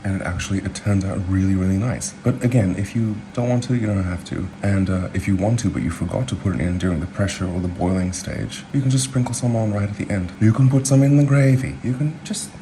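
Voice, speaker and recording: A man from New Zealand hosts a home cooking video, chatting loosely and drifting between asides and filler words. His voice sits very low. Clear background noise runs under the recording. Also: quick pace, hardly any pauses, mellow. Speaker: home cook vlogger. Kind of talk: casual cooking chat.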